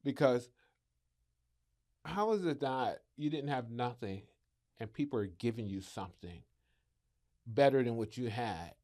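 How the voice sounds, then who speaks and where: Man, middle-aged, podcast guest, animated storyteller, mid-pitched voice. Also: a little slow, pauses often. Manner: animated, acts out quoted voices, laughs often. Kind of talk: storytelling interview.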